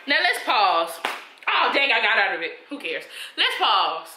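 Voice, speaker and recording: A young woman reviewing TV episodes in a casual, animated, slangy reaction style. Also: medium pitch, measured pace, faint music behind. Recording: roomy echo.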